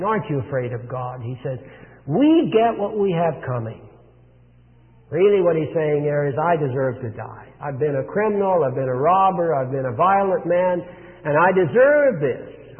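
Male preacher, fairly high voice, emphatic delivery, long echo in a big room. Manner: earnest, emphatic, slows for stress. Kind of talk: sermon. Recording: phone-like, long reverb.

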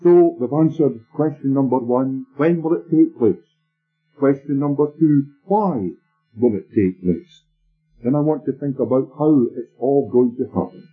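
A man preaching a sermon, telling stories in a measured, emphatic way. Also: mid-range voice, expressive, husky. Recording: tinny lo-fi sermon tape with faint music.

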